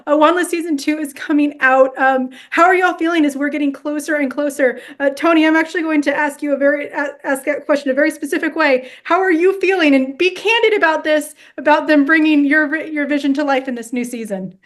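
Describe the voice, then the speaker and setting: High-pitched Southern woman host interviewing guests, friendly, laughs at herself. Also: fairly even intonation, a little fast, hardly any pauses. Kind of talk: video interview.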